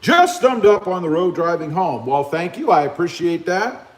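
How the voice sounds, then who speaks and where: A relaxed man hosts a live chat from his open garage, reading out comments and greeting viewers one by one. His voice sits a little high and swings freely in pitch. The phone mic picks up a roomy, echoing garage. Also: moderate pace. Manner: laid-back, chatty, greets viewers by name. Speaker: livestream host. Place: open garage with a fan running. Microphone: cell phone camera.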